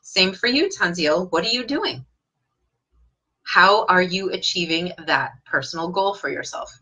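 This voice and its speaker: A woman teaching an online English lesson, reading out viewer comments and asking direct, encouraging questions with lively jumps in pitch. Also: unhurried, breathy edge.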